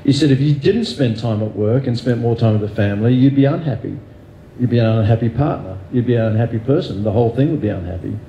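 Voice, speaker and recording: A man's voice: mid-range voice, quick pace, creaky, warm tone, roomy sound, highs cut off, a little hiss or hum. An Australian man speaking as an interview guest, candid and self-deprecating, thinking aloud with fillers and restarts. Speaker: guest neurosurgeon.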